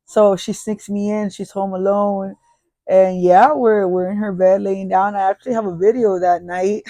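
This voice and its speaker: Brief: casual podcast host, profane and rambling, mid pitch, dry close audio. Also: level tone, moderate pace, dark tone, no room sound. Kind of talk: casual storytelling.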